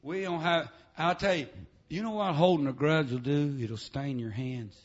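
Shouting preacher with "amen" fillers. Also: male voice, on the high side, moderate pace, lo-fi sound. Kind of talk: revival sermon. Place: church.

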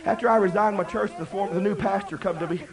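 An older man preaching a sermon, swinging between loud shouting and quiet talk. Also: high-pitched, fast talker, a crowd in the background, rough recording. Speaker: pastor.

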